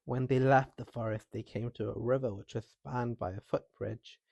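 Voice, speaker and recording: A man reading a folktale aloud in calm scripted narration, with a soft and calming manner. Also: medium pitch, moderate pace, vocal fry, no room sound, muffled recording. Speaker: storyteller.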